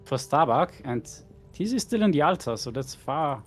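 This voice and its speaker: Calm male esports co-caster. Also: on the high side, normal speed. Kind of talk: live game commentary.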